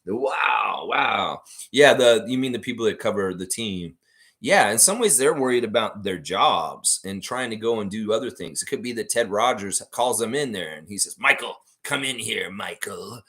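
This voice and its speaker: A man hosts a casual livestream, reading out viewer comments and rambling between them. His pitch swings widely as he talks, and he breaks into laughter often. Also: lively intonation, moderate pace, fairly bright tone. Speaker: livestream host.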